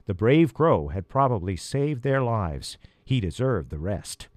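A man reading a children's storybook aloud as narrator, dramatic and slowing down for tense moments. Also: on the low side, very animated, a little mellow, no room sound. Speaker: audiobook reader.

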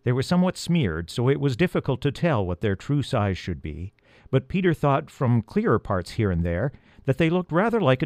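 A man reads a children's storybook aloud in a gentle, lively voice. He speaks directly to the listener now and then. The recording is close and dry. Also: medium pitch, no echo. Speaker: audiobook reader.

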